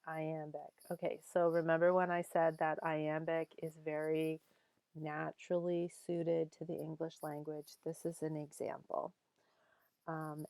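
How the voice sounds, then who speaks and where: Slow, low-voiced woman teaching a lesson. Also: steady tone, creaky, a little mellow, no echo. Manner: unhurried, explains meter by reading lines aloud and tapping out syllables; frequent ums while thinking. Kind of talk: recorded online poetry lesson.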